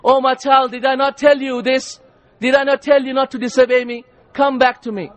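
A man's voice: extremely high pitch, level tone, a little fast. A man voicing a mother calling her child back. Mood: tender pleading. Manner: pleading, raised and emphatic.

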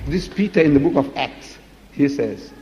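A man's voice: fairly high pitch, animated, moderate pace, darkish tone. A man giving a religious lecture in an emphatic, dramatic way, full of rhetorical questions. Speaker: preacher. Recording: dull lo-fi recording in a reverberant hall.

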